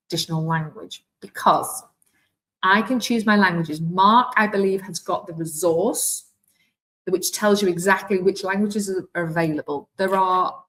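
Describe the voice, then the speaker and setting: A woman with a Welsh accent giving a live online software demonstration as a teacher trainer, chatty and thinking aloud as she clicks through. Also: lowish voice, rough recording. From Wales.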